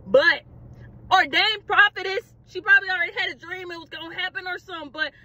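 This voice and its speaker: Brief: young woman, high and bright voice, dramatic, animated storytime delivery. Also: rapid-fire. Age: young adult. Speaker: vlogger. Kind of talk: casual storytime.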